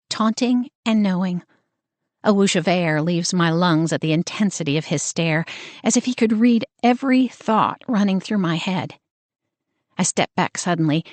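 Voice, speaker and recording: A woman narrating a first-person romance audiobook in an expressive, wry storytelling manner. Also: lowish voice, no echo.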